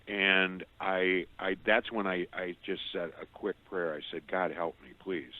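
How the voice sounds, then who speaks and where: Deep-voiced middle-aged man over a phone line. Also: steady tone, measured pace. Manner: earnest, stumbles and repeats words. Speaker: radio show guest. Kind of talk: personal testimony storytelling.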